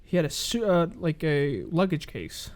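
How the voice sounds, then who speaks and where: With a fairly high pitch and normal speed, this male podcast co-host shares a story in easygoing chat. He's lively about it, acting out quotes and swearing freely.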